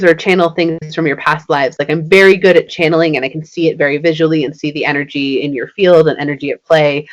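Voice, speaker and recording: A woman in her thirties, a podcast guest, telling a personal story in casual, chatty speech full of "like" and acting out the lines of people in it. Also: low voice. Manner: chatty, many "like" fillers, acts out quoted dialogue.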